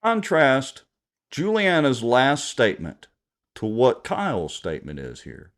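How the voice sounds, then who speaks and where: A man's voice: medium pitch, wildly swooping pitch, unhurried. A man co-hosting a talk show, giving sarcastic, mocking political commentary.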